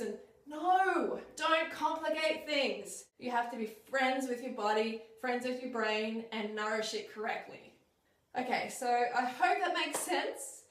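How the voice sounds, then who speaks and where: A woman vlogging straight to camera in an emphatic, animated way, sometimes voicing what her body seems to say. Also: high-pitched, normal speed, distant mic. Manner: emphatic, animated, mimics her own brain's voice. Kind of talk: casual talk to camera. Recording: very echoey room, away from the mic.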